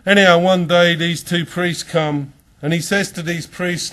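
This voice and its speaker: A man's voice: fairly high pitch, a little slow, fairly bright tone. Man, from england, conference speaker, earnest, preaching, storytelling. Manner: storytelling with quoted voices. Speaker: Christian speaker. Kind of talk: conference talk.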